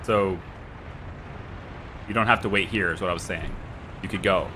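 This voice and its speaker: This streamer speaks with a Scottish accent in a low voice at a moderate pace, over a noisy background. During gameplay he muses to himself and chats with viewers and his game's little workers.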